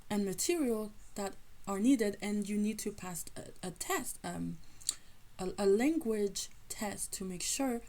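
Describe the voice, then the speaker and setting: A woman telling a personal faith testimony in an animated storytelling manner, often acting out the people in her story. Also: mid-range voice, unhurried, rough recording. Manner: animated, acts out quoted people. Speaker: faith teacher sharing a testimony.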